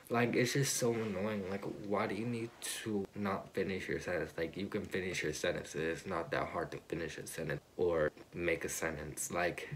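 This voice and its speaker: Teen boy vlogger, deep low voice, exasperated casual rant, heavy on "like". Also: a bit bright, slight background noise. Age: teens. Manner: exasperated, repetitive, fillers of "like".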